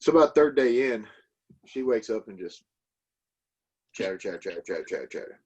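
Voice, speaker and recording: A man telling a gruff, profane story with dry humor on a casual podcast. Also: on the low side, lively intonation, fairly quick, a little mellow, dull audio. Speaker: podcast guest.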